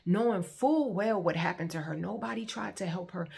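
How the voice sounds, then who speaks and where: A woman's voice: on the low side, normal speed, creaky, hardly any pauses, darkish tone. A woman vlogger sharing her personal testimony in a conversational, earnest storytelling manner, acting out what other people said. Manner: earnest, heartfelt, acts out quoted people.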